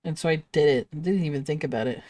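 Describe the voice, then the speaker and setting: A woman's voice: low voice, fast, mellow, no room sound. A woman livestreaming while she draws, chatting casually with her viewers, giggling often and apologizing playfully. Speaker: livestreamer drawing on stream.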